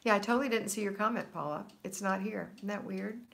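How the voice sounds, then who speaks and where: A woman's voice: medium pitch, fast, creaky, fairly bright tone. Upbeat woman hosting a live chat. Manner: upbeat, encouraging, reads comments aloud. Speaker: livestream host answering viewer comments. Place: home, Florida.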